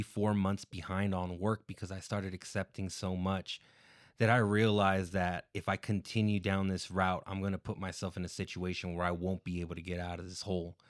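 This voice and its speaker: A man's voice: low voice, clean tone, no echo, studio quality. A man as a podcast guest, explaining his plans at length in an earnest, casual way with fillers.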